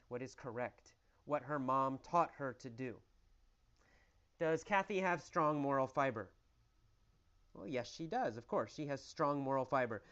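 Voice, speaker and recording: A man's voice: on the high side, highs cut off. A man teaching English through a story, asking questions and answering them himself with exaggerated emphasis.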